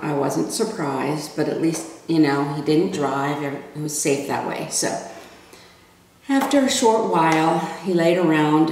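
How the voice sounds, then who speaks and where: A middle-aged woman with a lowish voice tells a personal story in a relaxed, plain-spoken way. The recording is very echoey, with the mic set well away from her. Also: slight background noise. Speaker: family member telling a personal story. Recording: very echoey room, mic far off.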